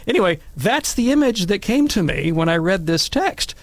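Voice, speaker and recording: A middle-aged man telling wry, animated stories and commenting on scripture in a casual talk. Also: sits high, moderate pace, no room sound. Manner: wry, animated anecdotes with acted quotes.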